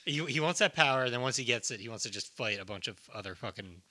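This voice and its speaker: A man's voice: medium pitch, animated, fast talker, sharp tone. A man casually discussing a movie, loose and profane, tossing out joking comparisons. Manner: loose, swears a lot, jokey comparisons.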